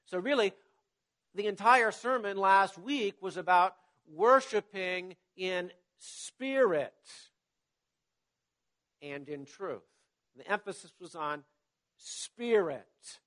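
A pastor with a high, somewhat bright voice preaches a sermon to his congregation and reads scripture aloud. His delivery is measured and emphatic, and his voice trails off at the ends of phrases.

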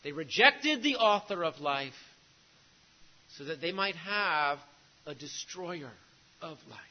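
Male preacher, higher than usual pitch, emphatic sermon delivery, muffled lo-fi recording. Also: lively intonation, slow. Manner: emphatic preaching, repeats key phrases, drops to a hush on grave lines.

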